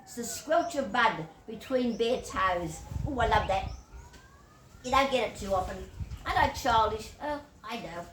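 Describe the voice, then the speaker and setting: A woman's voice: a little high, lively intonation, a little slow, a bit bright. An older Australian woman rambling through whimsical anecdotes with chuckles and digressions. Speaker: YouTuber. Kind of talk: rambling storytelling monologue. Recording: echoey room, distant mic, faint hiss.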